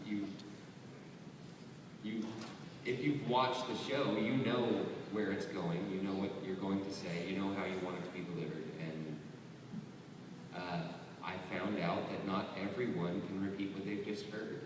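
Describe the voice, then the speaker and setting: A male voice actor answering audience questions at a convention panel, playful and animated. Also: low voice. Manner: playful, animated, slips into quick impressions. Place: large convention hall. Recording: echoey hall, distant mic, background noise.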